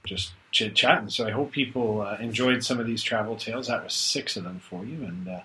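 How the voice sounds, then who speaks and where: A man hosting a casual podcast chat, relaxed and wrapping up the episode. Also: on the low side, a little fast, a little hiss or hum, rough recording. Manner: relaxed, brief agreeing replies. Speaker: podcast host.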